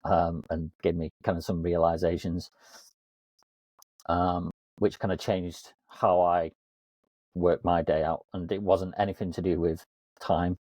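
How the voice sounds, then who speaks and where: A man's voice: low-pitched, level tone, a little slow, warm tone, dry recording. A man co-hosting a casual coaching podcast, self-mocking and laughing often. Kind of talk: casual chat.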